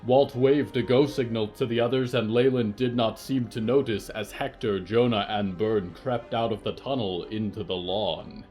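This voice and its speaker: A man narrating a dark fiction podcast in a measured, even storytelling voice. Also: on the low side, soft background music. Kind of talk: scripted narration of horror fiction.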